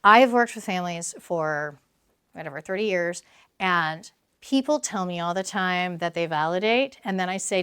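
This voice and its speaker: A woman in her fifties, a clinical social worker giving a public talk, animated and laughing often as she acts out dialogues. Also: mid-range voice, normal speed, clean tone.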